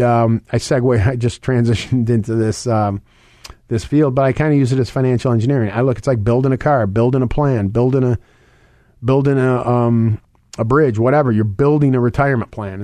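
Fast-talking middle-aged financial radio host. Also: male voice, medium pitch, darkish tone, no room sound, studio quality. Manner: fast, conversational, repeats points and phone numbers. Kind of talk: radio talk segment.

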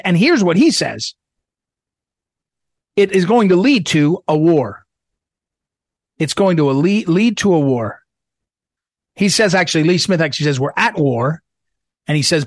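A middle-aged man hosting a political talk show, speaking emphatically and repeating himself for stress. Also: no room sound. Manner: emphatic, repetitive, drops low when reading promos. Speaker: radio show host.

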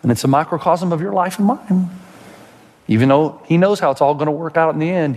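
Dramatic preacher in a reverberant hall. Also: male voice, animated. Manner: dramatic, swings from loud high outbursts to slow hushed passages. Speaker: pastor. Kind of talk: sermon.

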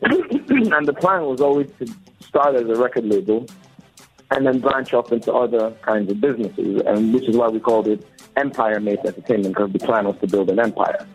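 He's a man in his forties, co-founder of a record label, appearing as a guest in a relaxed interview. His mid-range voice keeps a moderate pace, has a breathy edge, and carries an earnest, reflective tone. Dull lo-fi sound with faint background music.

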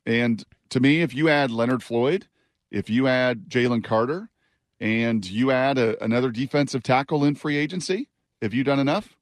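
A man's voice: mid-range voice, moderate pace, dry recording, studio quality. A man hosting sports talk radio, pressing his points with rising emphasis.

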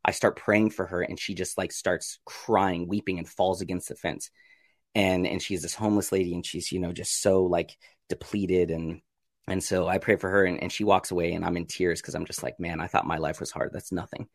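A man, a podcast guest, telling his story in a casual interview, acting out his own reactions with sudden jumps in pitch and frequent laughs. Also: fairly even intonation, moderate pace, dry recording, clean studio sound.

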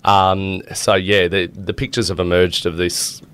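A man's voice: deep voice, level tone, unhurried, fairly bright tone. An Australian man presenting the news on breakfast radio, chatty and loose with plenty of ums and uhs between items. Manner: reads news casually with filler words and banter.

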